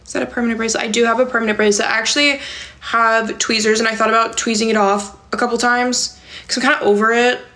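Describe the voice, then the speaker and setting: Young woman, slightly high voice, casual rambling livestream host. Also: fairly even intonation, fast, pushed and bright. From California. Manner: rambling and filler-heavy, many "like" and "um". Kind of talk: casual livestream chat, reading viewer comments.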